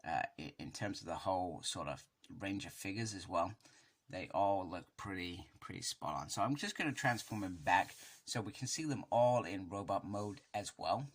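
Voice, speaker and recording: A man's voice: low-pitched, animated, normal speed. A man chatting casually and enthusiastically through a toy review, rambling as he goes.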